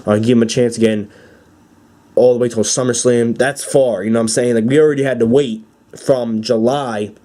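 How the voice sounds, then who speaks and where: A young man giving an excited, rambling fan recap with many fillers and restarts. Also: mid-range voice. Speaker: wrestling fan vlogger.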